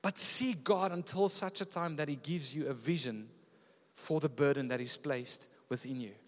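A man preaching a sermon as pastor, telling stories with lively energy. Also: a little high, moderate pace, in a large hall. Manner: lively storytelling preacher, often laughing. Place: church.

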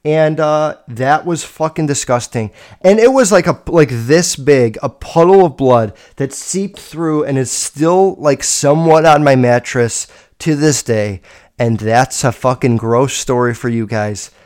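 Young man, podcast host, profane, blunt, rambling, slightly high voice, loud bursts then low mutters. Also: clean tone. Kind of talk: casual solo podcast storytelling.

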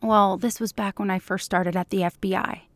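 A woman's voice: mid-range voice, steady tone, normal speed, no echo, close to an everyday voice. Woman reading as a guarded woman agent. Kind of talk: audiobook fan fiction reading.

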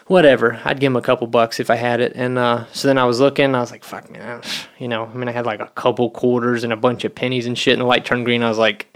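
A man's voice: medium pitch, level tone, fast, few pauses. A man telling a long story in casual chat, rambling and swearing, with lots of "you know". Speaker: podcast co-host.

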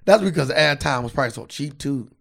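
A man's voice: mid-range voice, expressive, quick pace, gravelly. A man co-hosting a podcast, chatting casually and profanely and reading a news article aloud. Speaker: podcast co-host.

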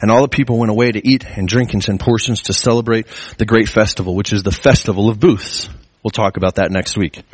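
A man preaching a sermon in an earnest way, his pitch climbing as he presses his points. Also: fairly even intonation, fast talker, few pauses, slightly rough, dry recording. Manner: earnest, rising pitch when stressing a point. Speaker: pastor.

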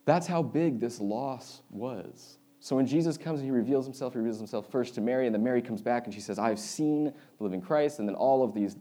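A man's voice: medium pitch, a little fast, few pauses, warm tone. A man giving a sermon in a conversational, storytelling way, with wry asides and humor. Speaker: preacher.

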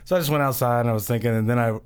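A laid-back man co-hosting a podcast in an indoor studio. His voice sits at a middle pitch, and he tells his stories at an easy, casual pace. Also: rapid-fire, clear, resonant tone. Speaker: podcast co-host.

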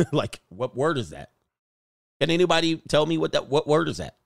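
A man's voice: on the high side, sing-song, normal speed, gravelly, dry recording, clean studio sound. A man hosting a casual livestream, joking and rambling and often laughing as he talks. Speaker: host.

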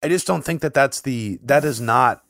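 Guy on a podcast, rambly and animated, lots of likes, dry close mic. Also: mid-range voice, normal speed, creaky, dry recording. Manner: talks in long runs with frequent "like" fillers, animated when shocked. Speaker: podcast co-host. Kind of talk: casual conversational podcast chat.

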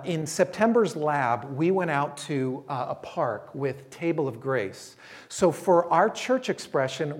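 A man's voice: fairly high pitch, a little mellow. A man preaching a sermon as a pastor, conversational and storytelling, voicing quotes from people he talks about.

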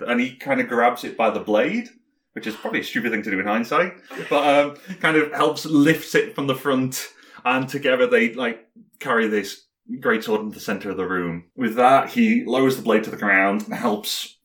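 A man narrating as game master of a tabletop game, halting, with frequent fillers and restarts. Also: medium pitch, a bit bright. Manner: hesitant, many fillers and restarts.

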